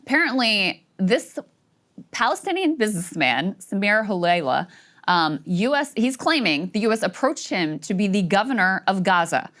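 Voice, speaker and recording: A woman's voice: mid-range voice, big pitch swings, moderate pace, a bit bright. A middle-aged woman co-hosting a political news show, talking in an indignant, conversational way with fillers. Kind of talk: casual political commentary.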